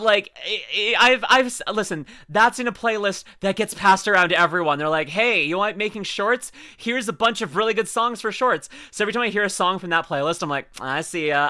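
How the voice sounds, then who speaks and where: A woman's voice: lowish voice, pushed and bright. A woman streaming reaction commentary in a casual, giggly, rambling way, full of restarts and asides.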